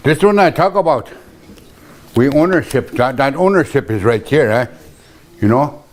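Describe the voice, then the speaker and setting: An older man teaching words of his language in a casual, hesitant way, repeating terms slowly with many pauses. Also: medium pitch, lively intonation, a little hiss or hum. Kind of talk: teaching vocabulary, casual and halting.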